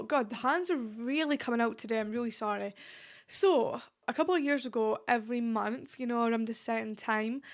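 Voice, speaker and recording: A woman's voice: a little high, creaky. A woman hosting a casual solo podcast from home into a podcast mic, chatting in a rambling way full of "like" fillers. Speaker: podcast host. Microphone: podcast microphone.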